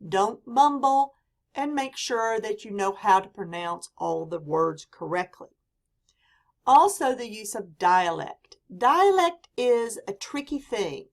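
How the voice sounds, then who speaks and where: A woman with a softened Southern US mountain accent lectures on public speaking. She speaks in a clear, deliberate teaching manner. She stresses important words firmly as she explains each point. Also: mid-range voice, sing-song. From Southern US mountain region. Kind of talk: recorded classroom lecture.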